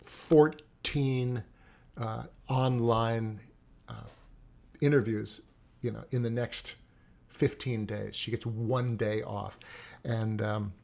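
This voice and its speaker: Gravelly middle-aged man telling stories. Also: on the low side, darkish tone. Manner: rambling storyteller, frequent restarts. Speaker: guest poet and teacher. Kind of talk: casual interview talk.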